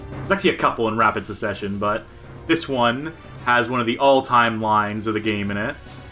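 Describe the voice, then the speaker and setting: A man co-hosting a podcast, giving joking, animated commentary on a game. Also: on the low side, normal speed, faint music behind. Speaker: podcast co-host.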